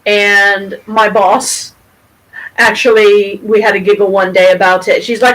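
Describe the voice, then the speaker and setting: Woman livestreamer, rambling, excitable, profane, filler-heavy, mid-pitched voice. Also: normal speed, low-quality recording. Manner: rambling, swearing, excitable, lots of ums. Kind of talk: casual livestream monologue.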